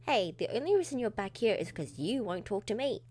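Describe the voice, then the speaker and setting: A woman's voice: mid-range voice, sing-song, brisk, dark tone, husky. A woman voicing a nervous young male defense lawyer who stammers. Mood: flustered.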